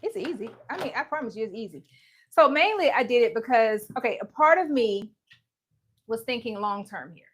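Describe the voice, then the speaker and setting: A woman's voice: fairly high pitch, lively intonation, brisk, fairly bright tone, slight background noise. A woman hosting a casual embroidery livestream from home, chatty and joking, laughing often and greeting viewers by name. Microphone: live-streaming setup.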